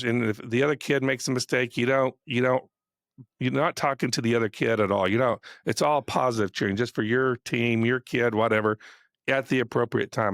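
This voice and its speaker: A man co-hosting a podcast, telling a story in a casual, animated way, acting out quotes and laughing often. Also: mid-range voice, dry recording, studio quality. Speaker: podcast co-host.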